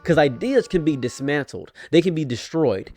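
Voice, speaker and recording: A man giving an unscripted commentary rant, heated and repetitive, swinging between loud outbursts and quiet mutters. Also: on the high side, animated, moderate pace, no room sound, soft background music. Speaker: online commentator.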